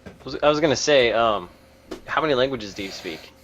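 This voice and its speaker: A man's voice: mid-range voice, lively intonation, brisk, a bit bright, a little hiss or hum. A podcast co-host man in casual chat, laughing often and asking questions. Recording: dull lo-fi audio.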